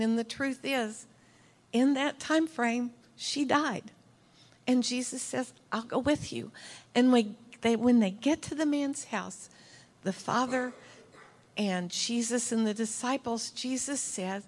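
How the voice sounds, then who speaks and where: This middle-aged church speaker leads prayer through an emotional, heartfelt sermon full of earnest stories, occasionally sinking into a soft whisper. She speaks on the high side at a measured pace.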